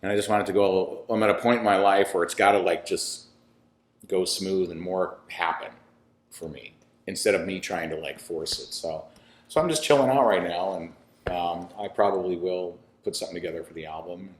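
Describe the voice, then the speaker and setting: A man with a low voice and moderate pace rambles through a casual interview, laughing and restarting often. He's a filmmaker and musician, recorded in an echoey room.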